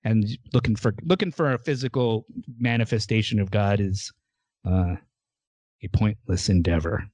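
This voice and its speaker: A man's voice: lowish voice, normal speed, a little mellow, dry recording. A man hosting a casual movie podcast, telling behind-the-scenes stories with amusement and frequent laughs. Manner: storytelling, amused, laughs often. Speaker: podcast host. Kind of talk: casual movie-review chat.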